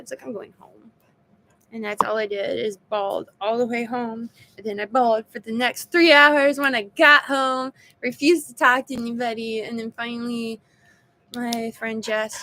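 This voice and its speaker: Woman vlogger, exhausted and emotional, frank casual talk, a touch high-pitched. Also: bright, forceful tone, slight background noise. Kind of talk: casual personal video update.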